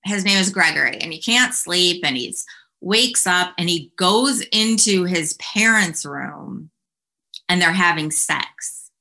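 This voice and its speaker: A woman's voice: fairly low pitch, lively intonation, slow, bright, forceful tone. A woman guesting on a podcast, chatting casually and telling jokes animatedly, acting out the voices. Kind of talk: casual interview chat. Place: home room.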